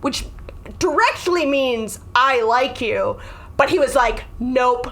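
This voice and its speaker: Chatty woman with a high voice. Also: animated, slow pace, fairly bright tone. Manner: rambling, self-deprecating storytelling. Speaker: guest comedian. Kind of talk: casual podcast chat.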